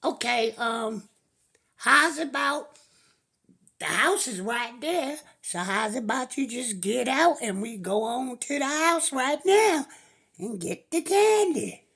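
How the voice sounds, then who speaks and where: Woman doing a clever little boy, eager, persuasive, high and husky, slow. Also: animated, exaggerated voice.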